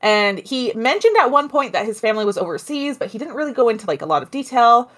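Female co-host, casual storyteller, chatty and animated. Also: a little high, fast talker. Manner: chatty, animated, with asides and laughs. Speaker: podcast co-host telling a story.

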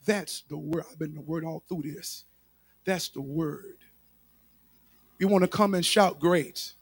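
A man's voice: a little high, a little slow, breathy edge, no echo. A male pastor preaching a sermon with emphatic repetition, speaking straight to his congregation.

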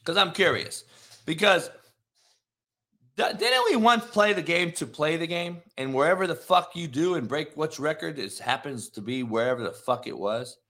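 Man, heated profane sports rant, high lively voice, repeats himself. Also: moderate pace. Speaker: sports commentator.

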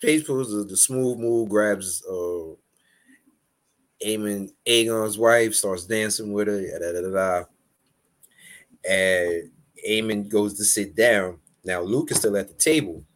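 A man chatting casually as a podcast host, animated and profane, laughing often and acting out quotes. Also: on the low side, slow. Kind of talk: casual recap chat.

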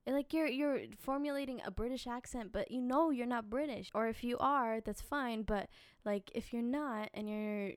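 Chatty woman podcaster, smooth dry voice. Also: a little high, no room sound. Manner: animated, chatty, quick asides and filler words. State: slightly dry voice from little sleep. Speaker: podcast host and singing teacher. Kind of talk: casual podcast rant and advice.

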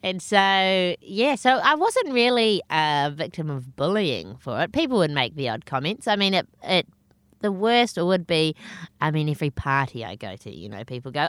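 A young woman comedian with a squeaky, nasal voice, chatting casually and self-deprecatingly in an interview, laughing often. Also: animated, normal speed, a bit bright, clean tone, dry recording. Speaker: comedian guest.

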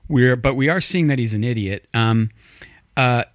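A man co-hosting a casual political chat show, telling stories with animated asides and putting on voices when he quotes people. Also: mid-range voice, normal speed, no echo, clean studio sound. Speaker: podcast co-host.

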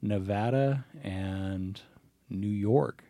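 Low, dark-voiced man casually chatting. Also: extremely slow, no echo, studio quality. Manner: casual, swears often, laughs easily. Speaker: podcast co-host. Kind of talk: casual chat.

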